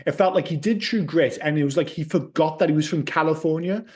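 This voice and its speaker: A man's voice: a little high, fast, a little mellow. A man co-hosting a podcast, chatting casually about films, swearing freely and using lots of fillers. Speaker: podcast co-host. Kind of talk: casual film chat.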